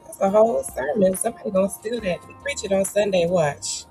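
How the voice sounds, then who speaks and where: A woman's voice: mid-range voice, brisk, gravelly, warm tone, poor audio. Woman host with the sniffles, playful and encouraging, casual live-stream chat, faint music underneath. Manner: chatty, playful, encouraging with lots of "y'all" and "child". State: sniffly, coming down with a cold. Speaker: host of a live writing session.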